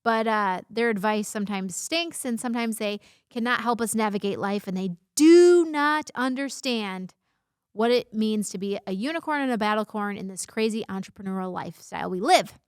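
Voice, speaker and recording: A woman's voice: medium pitch, normal speed, smooth, no echo, clean studio sound. A woman in her thirties hosting a casual vlog, bubbly and playful, making jokey asides and censoring herself. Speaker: vlog host. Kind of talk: casual talking-head vlog.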